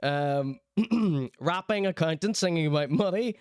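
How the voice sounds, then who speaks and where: A young Northern Irish man hosting a stream, with a fairly high, smooth and crisp voice. He reads chat aloud and reacts in a sardonic, mock-outraged tone. The sound is close and dry, with no room echo. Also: expressive, measured pace, a little mellow. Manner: wry, sardonic, mock-indignant. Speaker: streamer and show host. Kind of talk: live-stream commentary, reading out chat.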